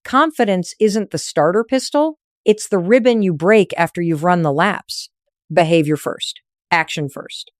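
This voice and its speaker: Female motivational narrator, lower register, firm coaching delivery, short punchy lines, dry close sound. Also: a little slow, dry recording.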